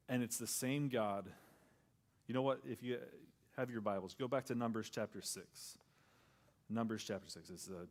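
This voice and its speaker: Here a man preaches, pastor-style, in a chatty manner with a medium-pitched voice. He performs the quotes he cites and softens nearly to a whisper when stressing important words.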